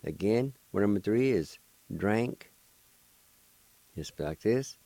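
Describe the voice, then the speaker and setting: A man's voice: on the low side, animated, slow pace, creaky, pauses often, dark tone, dry recording. A man teaching a language on a radio show, patiently spelling out words letter by letter and pronouncing them syllable by syllable. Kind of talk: slow spelling and pronunciation lesson. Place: radio studio.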